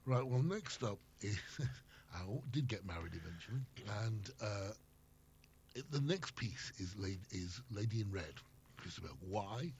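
A man's voice: lowish voice, animated, a little slow, darkish tone. An older man, a former radio host, chatting as an interview guest and telling rambling anecdotes. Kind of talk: casual chat. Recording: slightly muffled with faint noise.

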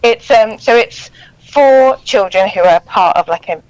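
A woman in her thirties, a children's author interviewed over the phone, friendly and gently hesitant. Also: mid-range voice, unhurried, no room sound, low-quality recording. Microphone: mobile phone.

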